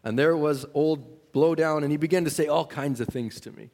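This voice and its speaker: A man preaching a sermon, telling a folksy story that swings from hushed tones to joyful shouting. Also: on the high side, moderate pace, gravelly, long reverb tail.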